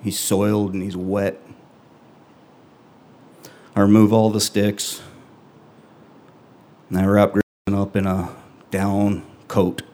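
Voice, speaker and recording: Low, flat-voiced man telling a story. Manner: earnest, halting delivery with long pauses. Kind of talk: live first-person storytelling.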